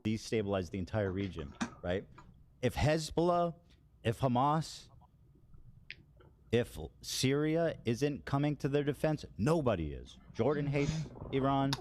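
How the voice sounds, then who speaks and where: A man in his forties hosting a podcast, chatting casually in a soft, hesitant way. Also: medium pitch, sing-song. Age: 40s. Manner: soft, hesitant, halting delivery. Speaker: podcast host. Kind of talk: casual chat. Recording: background noise.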